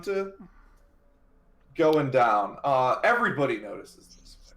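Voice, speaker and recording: A man running a tabletop role-playing game as game master, narrating in a relaxed, playful way. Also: on the high side, slow pace, pauses often, roomy sound.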